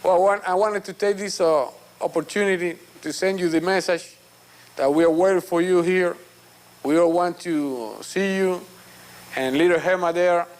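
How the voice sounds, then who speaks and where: A man's voice: sits high, steady tone, moderate pace. A man recording a casual, affectionate video message to an old friend he knew in prison. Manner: warm, affectionate, switches into doting baby talk. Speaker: former prisoner sending a video greeting.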